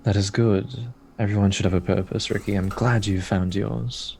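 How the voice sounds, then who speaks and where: A man playing a character in a tabletop game, slow and measured. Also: fairly low pitch, steady tone, vocal fry, darkish tone, slight background noise. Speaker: player. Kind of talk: in-character tabletop role-play.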